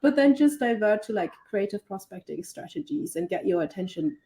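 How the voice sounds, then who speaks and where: A woman from Germany, a guest expert giving advice in a relaxed, conversational way. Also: mid-range voice, a little fast, poor audio. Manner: relaxed, conversational, frequently adds "right?". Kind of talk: casual advice chat.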